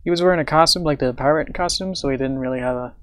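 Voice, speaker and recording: A man's voice: a little high, fast talker, slight background noise. A man chatting casually on his livestream as he draws, thinking aloud, humming to himself and chuckling between remarks. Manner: thinks aloud, hums and chuckles while he works. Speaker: livestreaming artist. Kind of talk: casual livestream chat while drawing.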